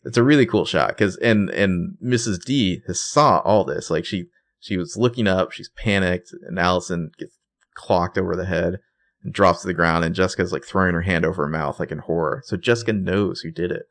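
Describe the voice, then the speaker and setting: Very deep, gravelly man chatting casually. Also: moderate pace, fairly bright tone, no room sound. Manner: rambling, filler-heavy, enthusiastic. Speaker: podcast co-host recapping a TV episode. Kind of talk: casual chat.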